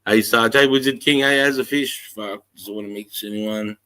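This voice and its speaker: A man's voice: lowish voice, fairly even intonation, moderate pace, pushed and bright, clean tone. A middle-aged Australian man hosting a casual livestream, greeting viewers in a laid-back, sweary way. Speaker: livestream host.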